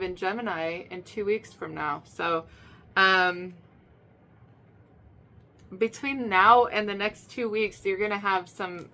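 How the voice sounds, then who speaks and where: A woman giving a casual spoken tarot reading in a chatty, emphatic way, repeating herself, with many fillers and restarts. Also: mid-range voice. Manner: emphatic, swings to loud excited bursts. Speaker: tarot reader.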